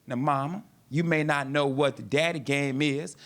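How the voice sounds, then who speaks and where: A man's voice: a little high, steady tone, moderate pace, few pauses, a bit bright. A man from North Carolina, performing a stand-up routine with punchy storytelling aimed straight at the audience. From North Carolina, USA. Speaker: stand-up comedian.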